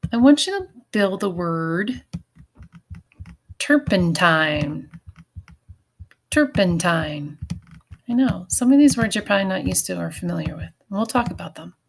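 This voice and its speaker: A woman teacher giving a recorded phonics lesson, patient and clear, walking through each step. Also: lowish voice, a little hiss or hum.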